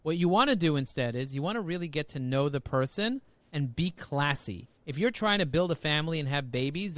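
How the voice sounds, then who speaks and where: Energetic male guest, slightly high voice, dry close sound, quick punchlines. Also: no echo. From United States. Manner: high-energy, punchy, jokey, rhyming catchphrases. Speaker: podcast guest. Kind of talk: energetic podcast interview.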